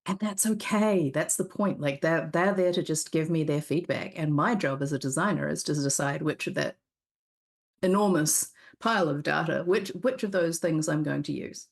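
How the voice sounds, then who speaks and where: A woman with a low, gravelly voice tells her stories candidly as a guest on a live stream. She rambles a little, restarting sentences as she goes, in relaxed conversational chat. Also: normal speed. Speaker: board game designer, guest. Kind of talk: casual interview chat.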